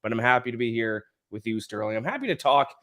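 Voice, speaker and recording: A man with a Canadian accent and a hoarse, flu-worn voice talks football on a podcast. He is chatty and self-deprecating, tripping over his words when he gets going. His pitch sits in an ordinary middle range. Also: expressive, fast talker, sharp tone. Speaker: podcast co-host. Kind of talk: casual podcast chat.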